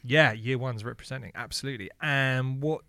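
A young British man, a bassist and teacher, co-hosting a podcast with easygoing, jokey chat and lots of questions. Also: a little fast, creaky, bright, forceful tone, dry recording, clean studio sound. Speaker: podcast co-host, bassist and educator. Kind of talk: casual chat.

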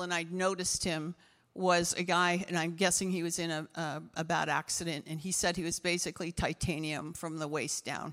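A woman pastor preaching through a string of testimony stories, with a bright, forceful voice. She restarts her sentences often and leaps up in pitch when she gets excited. Her voice rings with the long reverb of a big hall. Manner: animated testimony, voice jumps high with excitement, frequent restarts. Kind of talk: sermon storytelling.

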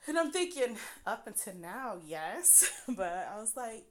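A woman casually telling a personal story, acting out quoted dialogue with candid, animated delivery. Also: fairly high pitch, moderate pace, few pauses.

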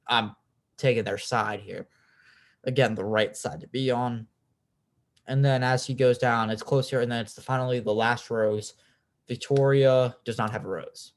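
A young man hosts his podcast in a loose, chatty monologue. His voice sits at an ordinary middle pitch. He is opinionated and blunt, swears freely, and leans on "like" constantly. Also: darkish tone. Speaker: podcast host. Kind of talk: casual recap podcast.

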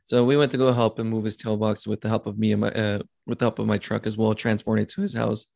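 A man's voice: lowish voice, flat delivery, fast talker, creaky, darkish tone, no echo. A young man in casual chat, making teasing, dry comebacks.

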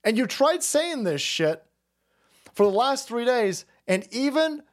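A man's voice: sing-song, slow pace. A man hosting a political commentary stream, ranting crudely and mocking the clips he plays. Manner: mocking, crude, shouting swings in pitch; does mocking falsetto voices when quoting others.

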